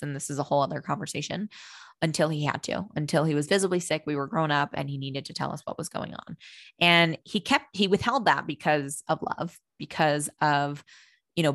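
A woman's voice: low-pitched, a bit bright, dry recording, clean studio sound. A young adult woman, a personal growth coach, talking through her thoughts in an earnest, rambling monologue with casual swearing.

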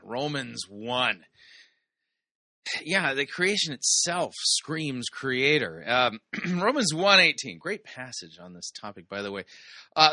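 A man's voice: mid-range voice, very animated, measured pace, bright, forceful tone, no echo, studio quality. A man hosting a commentary show, casually critiquing sermon clips with sarcastic, incredulous asides. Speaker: host reviewing sermon clips.

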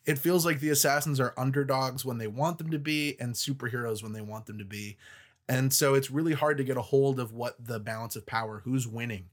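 A man co-hosting a podcast, chatting casually and critically about an audio drama, opinionated and quick to laugh. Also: mid-range voice. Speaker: podcast co-host. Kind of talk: casual review chat.

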